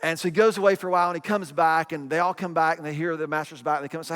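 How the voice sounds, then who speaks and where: A man's voice: fairly high pitch, rapid-fire, few pauses, a bit bright, long reverb tail. A middle-aged man preaching a sermon in a conversational way, repeating phrases and acting out quotes. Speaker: pastor.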